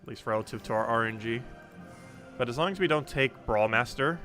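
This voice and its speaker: A young man streams a game with soft music behind him, his medium-pitched voice brisk and fairly bright. He chats casually while playing, rambling with plenty of ums as he answers chat.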